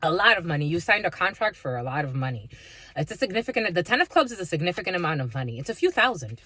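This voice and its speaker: A woman's voice: fairly low pitch, sing-song, quick pace, pushed and bright, husky, no echo. A woman giving a tarot reading, blunt and mocking, swearing freely as she talks to her viewers. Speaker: tarot reader. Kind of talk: spiritual reading with profanity.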